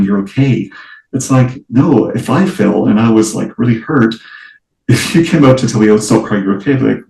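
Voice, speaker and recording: Earnest teacher guy, low gravelly voice, lots of likes and restarts, kinda echoey room. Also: dark tone, far from the mic. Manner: earnest, rambling with many fillers and restarts. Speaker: early childhood educator, guest. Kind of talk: casual interview conversation.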